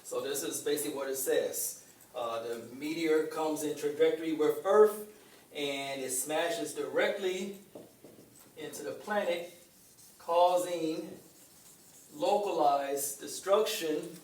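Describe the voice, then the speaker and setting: A man giving an informal talk to a group, conversational, pausing often with fillers. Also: a little high, darkish tone. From Chicago. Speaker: speaker. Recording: echoey room with faint ambient noise.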